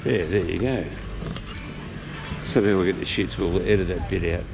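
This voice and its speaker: Music plays behind a low, gravelly male voice speaking at a normal speed. He's an Australian host of a casual pub walk-and-talk vlog, chatty and rambling with offhand swearing, filmed handheld outdoors and inside a country pub.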